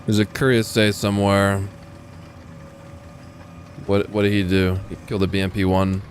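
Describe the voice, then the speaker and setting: A man's voice: lowish voice, level tone, moderate pace, a little hiss or hum. A young man with an American accent, casually commenting while playing a tank game, joking and swearing. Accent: General American. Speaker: gaming streamer. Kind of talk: live gameplay commentary.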